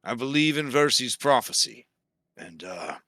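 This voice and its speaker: Guy doing a tired grumbly old warrior, low and heavy, bright tone, dry sound. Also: very animated, measured pace, dry recording, full character voice. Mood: solemn. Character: weary grumbling god-blooded old warrior man.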